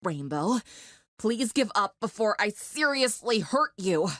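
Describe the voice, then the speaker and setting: A woman's voice: mid-range voice, very animated, unhurried, a bit bright, no echo, clean studio sound. A woman voicing a cold, menacing teenage girl in a dramatic story reading. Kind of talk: dramatic fan fiction reading.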